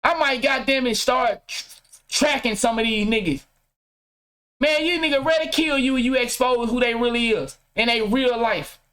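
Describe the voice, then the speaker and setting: A man's voice: very high voice, normal speed, pushed and bright. A middle-aged man, ranting bluntly to his chat from his game room at home and swearing freely. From Mississippi. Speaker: vlogger. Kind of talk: casual profane rant to camera.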